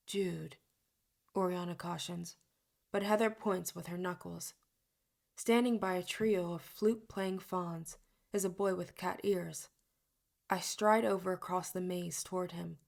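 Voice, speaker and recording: A woman's voice: on the low side, gravelly. A woman narrating an audiobook in first person. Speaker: audiobook reader.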